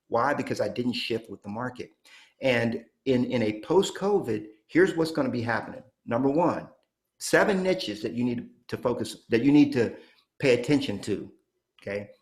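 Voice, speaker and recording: A man in his fifties giving an energetic real estate coaching talk, punching points and checking in with "okay?". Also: mid-range voice. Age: 50s. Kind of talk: motivational training talk.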